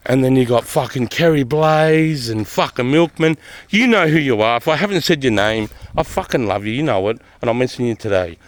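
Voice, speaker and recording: In a mid-range voice, fairly quick and with no room sound, a middle-aged Australian man who once served as a soldier chats casually for his vlog. Expect cursing, heavy emphasis and repeated points.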